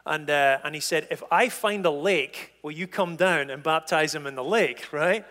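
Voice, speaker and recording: A man's voice: fairly high pitch, moderate pace, bright, forceful tone, long reverb tail. A man preaching a sermon as pastor, telling a story with acted-out dialogue and humor.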